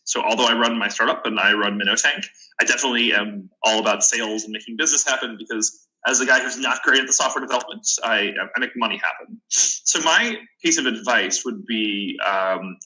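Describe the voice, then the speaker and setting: A man's voice: mid-range voice, bright, forceful tone, poor audio. A man in his twenties, a podcast guest and startup founder, giving earnest advice in a casual interview, often restarting his sentences. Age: 20s.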